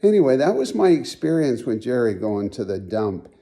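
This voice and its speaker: A man's voice: medium pitch, normal speed, gravelly. A man telling funny stories about a late friend, acting out the voices in his anecdotes. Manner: folksy, animated storyteller acting out quotes. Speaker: friend giving a tribute. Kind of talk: storytelling tribute.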